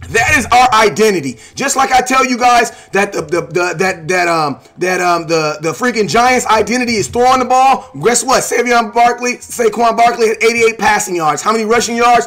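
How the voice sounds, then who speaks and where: A man hosting a live sports stream, talking animatedly with lots of "man" and "bro", sometimes shouting. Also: very high voice, animated, normal speed, hardly any pauses. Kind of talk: casual sports talk.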